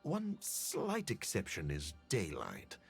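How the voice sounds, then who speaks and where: An actor voicing a calm male scientist vampire in a video game, with a deep, measured, clinical delivery. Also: vocal fry, slightly rough, soft background music, full character voice.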